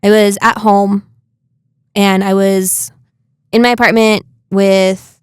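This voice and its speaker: Smooth-voiced young woman, indignant. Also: medium pitch, no room sound, studio quality. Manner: animated, indignant, quick bursts. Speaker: podcast co-host. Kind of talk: casual chat.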